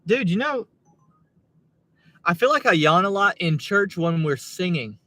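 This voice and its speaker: A man's voice: high-pitched, animated, moderate pace, sharp tone. Tired, laid-back man chatting from his car. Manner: laid-back, muttering, thinks aloud. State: tired, yawning. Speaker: gig delivery driver livestreaming. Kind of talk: casual livestream chat, reading viewer comments.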